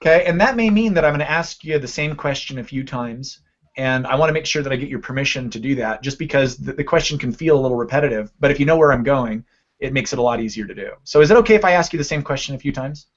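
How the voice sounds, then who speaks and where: A man's voice: medium pitch, animated, fast, lo-fi sound. A man coaching a live online class, teaching a listening technique in a conversational way and often checking in with "right?". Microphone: computer mic on a video call.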